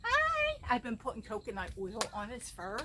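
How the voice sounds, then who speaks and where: A woman casually chatting while filming outdoors in her backyard, talking viewers through her setup. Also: a little fast. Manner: chatty, calls to her cat in a high sing-song. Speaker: vlogger. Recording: outdoor background noise.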